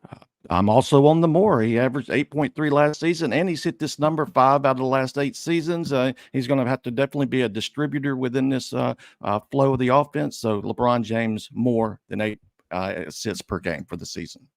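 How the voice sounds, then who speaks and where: A man on a sports betting panel who backs his picks with statistics, pausing on frequent "uh"s. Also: medium pitch, creaky, no room sound, clean studio sound. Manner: stats-heavy, hesitant fillers. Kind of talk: sports betting show chat.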